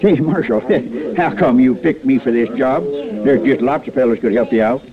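A man's voice: medium pitch, normal speed, crowd noise, close to an everyday voice. A man playing a timid small-town fellow who bluffs as a gunman, with an ungrammatical folksy drawl, in an old radio drama. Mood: meek. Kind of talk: 1950s radio drama acting. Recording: muffled old radio broadcast.

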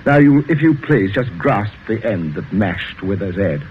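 Smooth menacing father, chuckles, lively delivery, dull old radio sound. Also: fairly low pitch, a little slow, a little hiss or hum. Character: genial but murderous English father holding a gun. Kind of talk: 1940s radio acting.

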